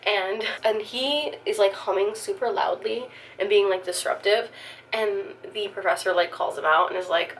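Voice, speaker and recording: A woman's voice: medium pitch, moderate pace, creaky, a little hiss or hum, poor audio. Gushing young woman book vlogger. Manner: chatty and gushing, many fillers. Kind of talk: casual chat.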